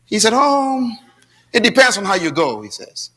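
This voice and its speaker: A man preaching a sermon as pastor, dramatic, swinging between shouts and low asides, telling stories with quoted dialogue in a church with responses from the congregation. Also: sing-song, moderate pace.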